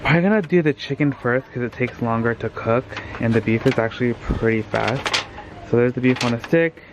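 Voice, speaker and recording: A man with a medium-pitched voice talks fairly quickly as he hosts a casual home tour vlog, upbeat and enthusiastic, addressing a handheld camera. He moves around his home, both indoors and out in the yard, with background noise audible.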